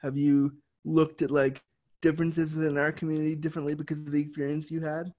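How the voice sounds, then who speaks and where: A man's voice: a little high, level tone, a little fast, a little mellow. A young adult man hosting a casual interview chat, candid and swearing freely. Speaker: podcast host.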